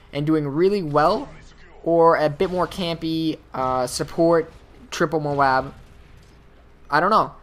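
A man giving casual, rambling gameplay commentary, talking straight to his viewers. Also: a little high. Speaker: YouTube gamer.

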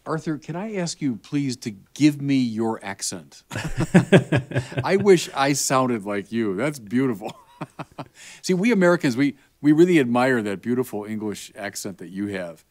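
A man's voice: medium pitch, measured pace. A man with a Chicago accent, a bishop explaining faith to children in an emphatic, conversational way. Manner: animated and emphatic, with rising bursts. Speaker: bishop answering children's questions.

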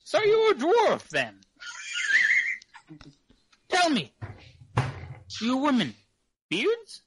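A man voicing an excitable, curious man in a tabletop role-play game, asking eager questions. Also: extremely slow, heavily acted, low-quality recording. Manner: eager questioning, swooping high.

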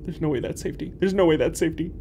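A young man hosting a horror game playthrough, talking to viewers, jumpy and swinging from hushed muttering to yelps. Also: a little high, slight background noise. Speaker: gaming channel host. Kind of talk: horror game let's play commentary. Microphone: desk microphone.

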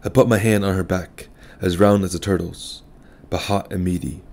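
A man with a notably deep voice narrates a literary short story in the first person. His reading is calm, measured and reflective. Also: creaky. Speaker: audiobook narrator.

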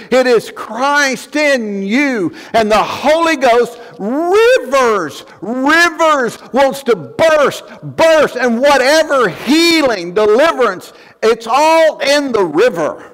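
A man's voice: very high voice, fairly bright tone. Fervent male pastor in an echoing church. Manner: fervent, emphatic, repeating phrases. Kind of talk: sermon. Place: church sanctuary. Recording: long church hall reverb.

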